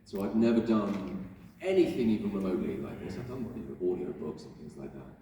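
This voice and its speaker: A man with a low voice that swings up and down very lively, chatting playfully and mocking himself on a panel. He is heard from far off in a big echoing convention hall, with long reverb and faint noise behind him. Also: brisk, dull audio. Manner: playful, self-mocking, laughs often. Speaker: actor, guest on a convention panel. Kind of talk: casual panel answers with anecdotes. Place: large convention hall with audience.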